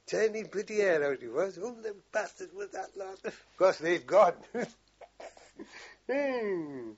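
A man's voice: high voice, lively intonation, unhurried, slightly rough, muffled recording. An older man, telling war stories in a rambling, salty way in an oral history interview. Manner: rambling, salty storytelling with frequent swearing. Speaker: veteran interviewee.

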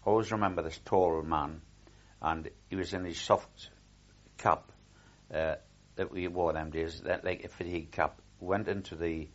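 A man's voice: low voice, dull audio. An older man recalling his war service in a rambling oral history, with frequent restarts and repeated words.

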